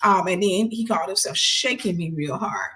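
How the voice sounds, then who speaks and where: A woman host telling a personal story in a casual, animated way, switching into other people's voices when she quotes them and sometimes dropping to a soft near-whisper. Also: on the low side, moderate pace.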